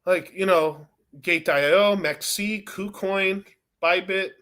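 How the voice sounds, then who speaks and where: A man's voice: sits high, takes it slowly, bright, forceful tone. A man streaming about crypto, talking to his chat in a profane, exasperated, rambling rant.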